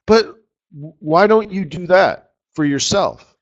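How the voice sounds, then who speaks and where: A man's voice: high voice, slow pace. A man giving a live trading webinar in a casual, rambling, joking way, often checking in with "right?". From Canada. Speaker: forex market strategist presenting a webinar. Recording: slightly muffled webinar audio.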